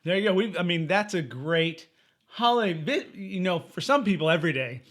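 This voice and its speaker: A man's voice: sits high, big pitch swings, fairly bright tone. A young man co-hosting a podcast, chatting casually and riffing with jokes. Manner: playful, jokey, quick to riff. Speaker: podcast co-host. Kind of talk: casual chat.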